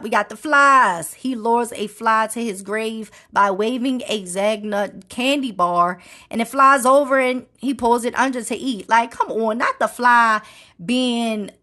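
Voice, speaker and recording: A woman's voice: a little high, bright, forceful tone. A woman hosting a podcast in a casual, chatty way, laughing often and throwing in playful asides. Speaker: podcast host.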